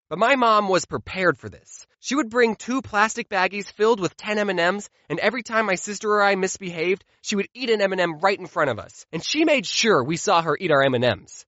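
A young man spins funny stories about his childhood, his high voice leaping up and down all the time. He drops deadpan asides between the jokes. The sound is close and dry, with a slightly muffled top end. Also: no echo. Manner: jokey, deadpan asides between acted-out quotes. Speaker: comedy storyteller. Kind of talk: animated comedic storytelling.

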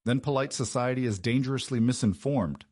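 A man playing a formidable young duke who speaks in a lethally calm, commanding way. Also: mid-range voice, fairly quick, breathy edge, no echo, clean studio sound, pitched above the performer's own voice, natural voice.

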